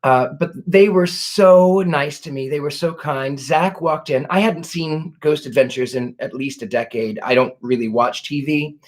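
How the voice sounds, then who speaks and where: A man hosting a casual livestream Q&A as a psychic, talking in a gentle, effusive way. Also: fairly high pitch, unhurried, hardly any pauses. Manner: gentle and effusive, fond of 'lovely' and 'dear'. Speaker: psychic host. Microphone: home livestream setup.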